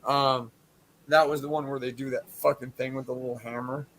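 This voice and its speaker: A man streaming, telling a crude comic story in a profane, rambling way with quick asides. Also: medium pitch, little pitch movement, a bit bright, a little hiss or hum.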